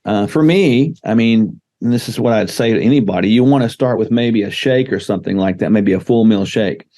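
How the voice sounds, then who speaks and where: A man's voice: lowish voice, fairly quick, dark tone. A man speaking as a podcast guest, laying out numbered health advice in an emphatic coaching tone. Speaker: guest doctor. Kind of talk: casual podcast interview.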